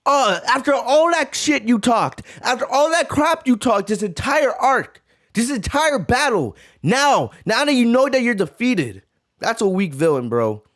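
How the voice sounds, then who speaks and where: Excitable male reaction-video host, casual slang, high and very animated voice. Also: a little slow. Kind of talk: live reaction commentary.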